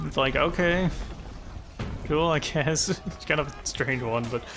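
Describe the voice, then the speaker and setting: A man's voice: on the high side, unhurried, over music. A man giving casual gameplay commentary as a video creator, rambling with lots of fillers and chuckling at himself. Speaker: gaming YouTuber.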